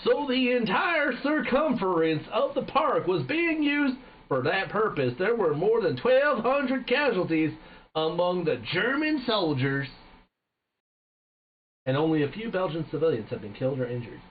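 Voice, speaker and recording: A man voicing a stern older male general who is briefing his flyers, in a put-on British accent with slow, formal delivery. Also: sits high, big pitch swings, voice pushed up. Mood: grave. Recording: tinny phone-like line, faint hiss.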